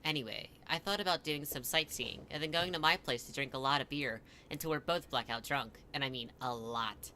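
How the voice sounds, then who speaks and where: A man's voice: medium pitch, brisk, hardly any pauses, pushed and bright, a little hiss or hum. A man voicing a laid-back male gamer who talks bluntly and curtly. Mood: eager. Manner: blunt, curt.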